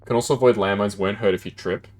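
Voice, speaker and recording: A man's voice: on the low side, fairly even intonation, fast talker, darkish tone, soft background music. A man casually commentating his gameplay as a streamer, chatty and laughing often, with keyboard typing close to the mic.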